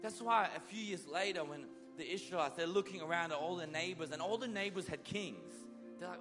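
A male preacher giving a sermon, swinging between loud bursts and soft, low lines as he acts out biblical figures. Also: a little fast, music in the background.

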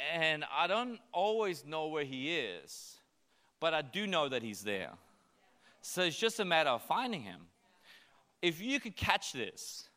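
A man in his thirties preaches from a church stage, his voice pitched high and ringing very bright. He tells his story playfully, slipping into little voices, and each phrase trails off into a long reverb in the hall. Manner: playful, acts out voices of his child and God. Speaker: pastor. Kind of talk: sermon.

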